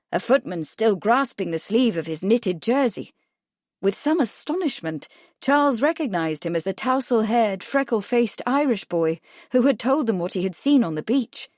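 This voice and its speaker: A woman reading a mystery audiobook in an even storytelling manner. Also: on the high side, no room sound, studio quality. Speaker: audiobook narrator. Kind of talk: scripted narration.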